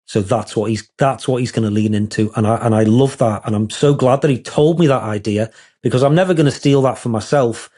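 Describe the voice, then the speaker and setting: A man's voice: medium pitch, fairly quick, mellow. A man, a wedding photographer being interviewed, talking in a rambling, candid, self-deprecating way.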